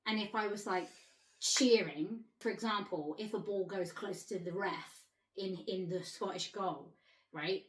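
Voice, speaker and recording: A woman's voice: mid-range voice, a little slow. Here is a woman from England chatting and laughing freely. She asks eager, curious questions in a casual tone. The room around her is echoey. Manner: giggly, curious, animated questions. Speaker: actress and host. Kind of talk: casual chat.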